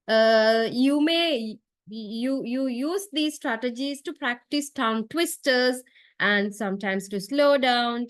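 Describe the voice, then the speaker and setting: A woman's voice: on the high side, fairly bright tone, dry recording. Dry-voiced woman giving a lecture. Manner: frequent uh fillers and tag question right?; explanatory, step by step. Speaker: university lecturer. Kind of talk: classroom lecture.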